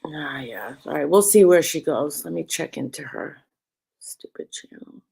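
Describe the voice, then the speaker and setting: A woman's voice: low-pitched, expressive, normal speed, vocal fry, a little mellow, breathy edge. A woman live streamer chatting casually, rambling and greeting viewers by name.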